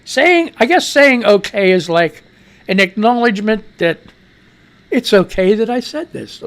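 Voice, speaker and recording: A man's voice: sits high, animated, unhurried. A middle-aged American man hosting a live radio news show, rambling and profane, talking back to himself as he reads the news. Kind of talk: casual live-stream news commentary.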